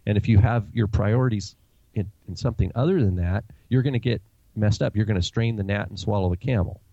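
A man with a Pacific Northwest accent explains scripture on a podcast, thinking aloud with many fillers. His voice is low, dark and gravelly. The sound is dry and dull. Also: a little fast, dry recording. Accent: Pacific Northwest American. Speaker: co-host. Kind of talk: podcast Bible teaching.

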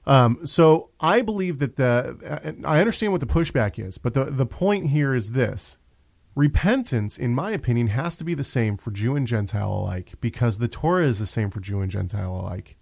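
A man's voice: mid-range voice, expressive, normal speed, creaky, a little mellow, no echo. A man hosting a casual religious discussion show, talking in a conversational way with frequent restarts. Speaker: host.

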